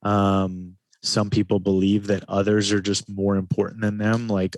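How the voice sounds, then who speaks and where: A man, a guest in an interview, speaking in a calm, reflective way and often slowing his speech down. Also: low-pitched, no echo. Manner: calm, slows his speech to stress points. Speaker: podcast guest, men's retreat facilitator.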